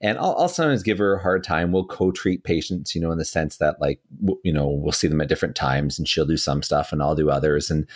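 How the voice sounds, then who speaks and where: A man with a low, deep voice tells a story from his clinic to his podcast co-host. He talks in a loose, easygoing way, circling back and restarting his sentences as he goes. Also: fast talker, few pauses. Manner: relaxed, rambling, many fillers and restarts.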